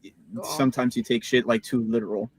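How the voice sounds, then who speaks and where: A man's voice: mid-range voice, fairly even intonation, fairly quick, breathy edge, no room sound, low-quality recording. Defensive man, dry close sound. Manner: defensive, casual slang, swears. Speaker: guest. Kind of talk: heated casual discussion.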